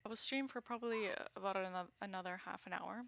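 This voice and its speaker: A woman's voice: medium pitch, quick pace, gravelly, dry recording. A woman streaming a game, chatting playfully and reading the characters' lines aloud. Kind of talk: gameplay commentary reading dialogue aloud. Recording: streamer mic with loud game music.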